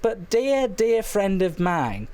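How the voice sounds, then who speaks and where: A man hosts a comic late-night phone-in, his voice pitched a little high and slightly hoarse. He rambles through absurd claims with deadpan silliness. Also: slow pace. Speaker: phone-in show host.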